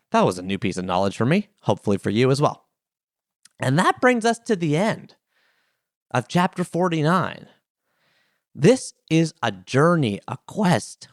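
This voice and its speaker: Man, podcast host, enthusiastic and playful, very expressive pitch, dry close sound. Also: no room sound. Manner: enthusiastic, playful, musing aloud. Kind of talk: solo podcast segment, reading a letter and explaining a word.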